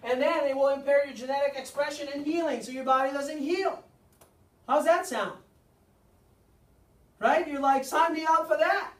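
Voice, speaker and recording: A man's voice: extremely high pitch, normal speed, long pauses. A man, a chiropractor, giving a seminar to a live audience, speaking emphatically with repeated lines and rhetorical questions. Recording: echoey room, mic far off.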